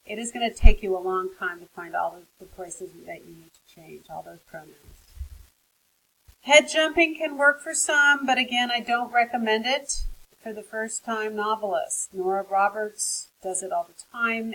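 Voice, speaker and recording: Woman writing teacher, husky voice, relaxed and conversational, full of fillers and candid asides. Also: mid-range voice, unhurried, rough recording. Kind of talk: recorded lecture.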